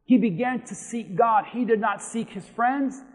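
A pastor with a strikingly high voice preaches a sermon in a church. His delivery swings from steady teaching to impassioned, shouted appeals, and the sound rings with the long reverb of a large hall. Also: unhurried. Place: church sanctuary.

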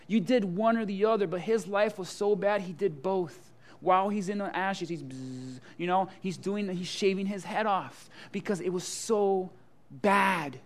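A pastor preaching a sermon at a church service, swinging from hushed, tender passages to loud, passionate appeals and calling out to the congregation. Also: mid-range voice. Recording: live sermon with guitar playing underneath. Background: soft guitar music.

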